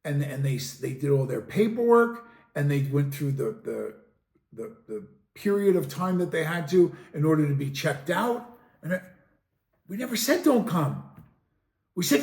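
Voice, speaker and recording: A man hosting a podcast in a heated monologue, swinging from loud outbursts to low, sarcastic mutters. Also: expressive, moderate pace. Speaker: podcast host. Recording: echoey room, distant mic.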